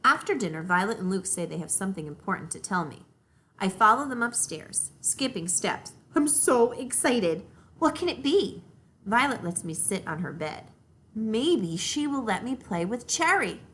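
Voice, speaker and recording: A woman teacher reads a children's chapter book aloud and then talks through it for a reading lesson. Her voice is bright and clear, and it moves up and down in a very lively, expressive melody. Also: medium pitch, moderate pace. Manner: expressive, guiding storytelling.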